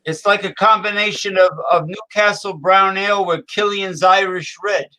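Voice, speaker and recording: Bright-voiced rambling co-host man. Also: high voice, fairly even intonation, moderate pace, poor audio. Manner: rambling, hesitant, filler-heavy. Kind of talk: casual beer review chat.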